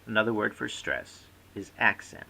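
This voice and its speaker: A man's voice: on the low side, normal speed, vocal fry, pushed and bright, low-quality recording. A man giving a scripted recorded lecture as a course instructor, reading aloud and demonstrating word stress by example.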